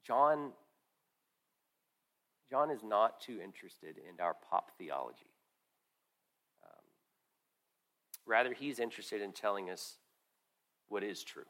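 A middle-aged man preaching a sermon, earnest and conversational, swinging from strong emphasis to quiet asides with frequent restarts. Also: lowish voice, lively intonation, slow, pauses often. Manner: earnest, rises and falls in loudness, drops to quiet asides; conversational with restarts and repeated words. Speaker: pastor.

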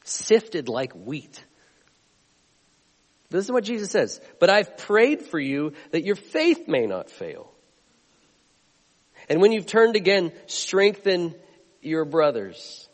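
A man preaching a sermon as a pastor, earnest, swinging between loud emphatic lines and quiet ones. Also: sits high, wildly swooping pitch, takes it slowly, big-room sound.

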